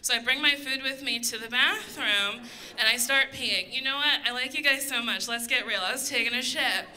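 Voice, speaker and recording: A woman in her thirties performing a stand-up comedy set, telling a story loudly with put-on voices. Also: a little high, normal speed, a crowd in the background, poor audio. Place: comedy stage before a live audience.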